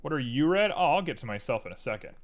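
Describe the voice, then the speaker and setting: A livestreamer and 3D artist chats casually while he works, playfully talking both to himself and to his chat. His medium-pitched voice moves quickly, with big swings in pitch.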